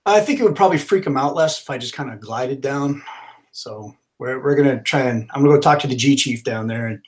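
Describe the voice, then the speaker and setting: A man talks through his turn in a tabletop game in an easy, rambling way. His voice is mid-pitched and ordinary, and he often restarts his sentences. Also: a little fast. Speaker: player.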